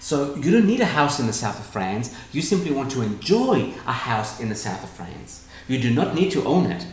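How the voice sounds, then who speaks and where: Animated storytelling man, echoey room. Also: medium pitch, moderate pace. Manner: animated, acts out quoted dialogue. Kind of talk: storytelling talk answering questions.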